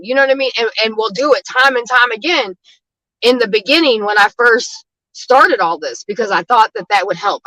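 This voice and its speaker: A street outreach advocate speaks in a mid-range voice that's bright and forceful, recorded with no room sound and poor audio quality. Her casual storytelling is frank and blunt, full of swearing and the phrase "you know what I mean."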